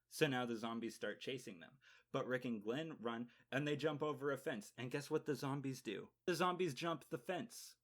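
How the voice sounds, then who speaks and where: Male vlogger recapping episodes; campy, sarcastic, swears a lot, medium-pitched voice. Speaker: TV show reviewer. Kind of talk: casual comedic episode recap.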